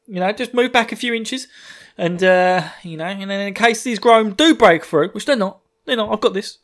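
A man doing a cocky young hero, high and loud. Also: normal speed. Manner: swaggering, boastful. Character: cocky young male hero bragging to his friends.

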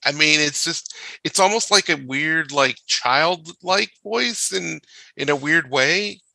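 A man hosts a casual chat with a playful, joking manner. His voice is very bright and tense, with a gravelly fry. He is recorded close in a dry room. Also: on the high side, slow pace, no room sound. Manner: playful, jokey. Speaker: podcast host and moderator.

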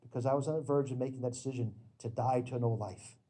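A middle-aged man preaching a sermon with slides, in an earnest, emphatic storytelling manner that breaks into sudden loud bursts. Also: mid-range voice, fairly even intonation, fast talker, breathy edge.

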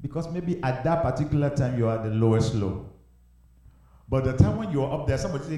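A man preaching a sermon, acting out Bible characters with shouts and laughter. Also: mid-range voice, lively intonation, brisk. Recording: very echoey room.

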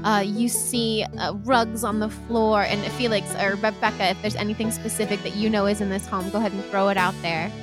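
A woman's voice: mid-range voice, little pitch movement, brisk, hardly any pauses, music in the background. A woman narrating a tabletop game as game master, describing scenes in a meandering way with frequent fillers.

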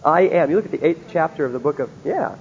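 A man with a gravelly, somewhat high voice delivers a Bible lecture, often pausing to ask rhetorical questions. The recording is dull and lo-fi, with a long hall reverb and a faint hum of ambience behind him. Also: expressive, a little mellow. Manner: keeps checking in with rhetorical questions. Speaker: Bible teacher.

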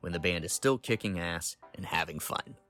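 A man's voice: low-pitched, moderate pace, a bit bright, faint music behind. A man in his thirties reading an enthusiastic concert review aloud for a podcast. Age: 30s. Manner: enthusiastic storytelling.

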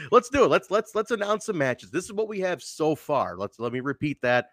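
Animated, joking male podcast host. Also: a little high, normal speed, dry recording. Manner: joking, animated, playful teasing. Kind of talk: casual wrestling podcast chat.

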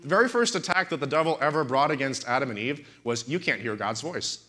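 A man's voice: mid-range voice, expressive, fairly quick, pushed and bright. A man in his thirties, a pastor preaching in a talk-show setting, telling stories animatedly and with indignant emphasis.

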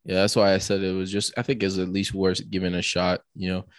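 Hoarse low-voiced man on a podcast. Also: flat delivery, brisk, no echo. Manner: agreeable, frequent backchannel "right". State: hoarse from illness. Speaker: podcast co-host. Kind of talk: casual chat.

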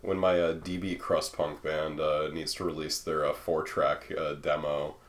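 A man's voice: very deep voice, flat delivery, measured pace. A man co-hosting a podcast in casual chat, joking dryly and swearing a lot. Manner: dry sarcastic joking, sweary. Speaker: podcast co-host.

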